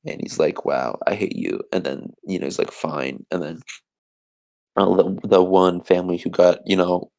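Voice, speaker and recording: Rambling man with a gravelly low voice. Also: steady tone, moderate pace, darkish tone. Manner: rambling and self-correcting, hyped. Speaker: podcast host. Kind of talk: casual movie recap.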